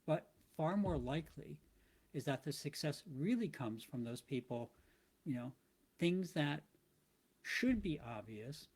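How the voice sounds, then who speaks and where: Male host, slightly raised pitch, casual reflective monologue, thinks aloud with restarts. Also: animated, measured pace, a little mellow, breathy edge. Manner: thoughtful, rambling, with frequent restarts. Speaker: motivational podcast host.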